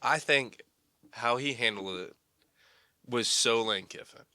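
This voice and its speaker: A man co-hosting a casual sports podcast, animated and mocking as he argues his take. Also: mid-range voice, takes it slowly, no echo, studio quality. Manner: animated, mocking, builds to excited outbursts. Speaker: podcast co-host.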